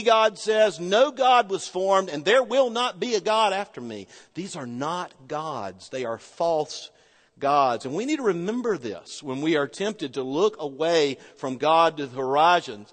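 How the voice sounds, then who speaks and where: Man, pastor, sermon, very lively pitch, loud and hushed by turns, long hall echo. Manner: animated preaching, swinging from loud to hushed.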